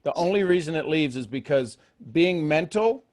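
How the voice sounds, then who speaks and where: A man's voice: on the high side, expressive, moderate pace, a little mellow. A man co-hosting a casual call, explaining things in a confident coaching manner. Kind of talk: casual chat.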